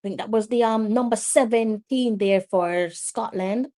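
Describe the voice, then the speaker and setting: A woman hosting a live watch-along, giving casual play-by-play commentary in a chatty way and breaking into loud exclamations at the action. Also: medium pitch, measured pace.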